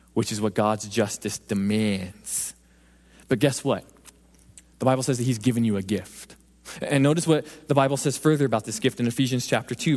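A man preaching a sermon in an earnest voice, slowing and softening for emphasis. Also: medium pitch. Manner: earnest, building then dropping to slow soft emphasis. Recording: long reverb of a hall.

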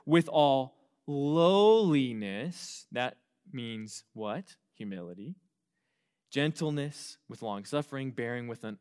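Animated preaching man, higher voice. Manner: animated preaching with quick asides and repeated restarts. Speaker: pastor. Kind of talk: sermon.

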